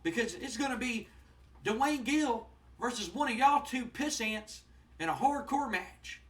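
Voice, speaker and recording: A loud, high-pitched wrestling manager, as a man puts him on, indignant and boastful in his fast hype. His voice sounds set back from the mic. He blusters at full volume, defending himself and talking up his client. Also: animated, heavily acted. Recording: voice distant from the mic.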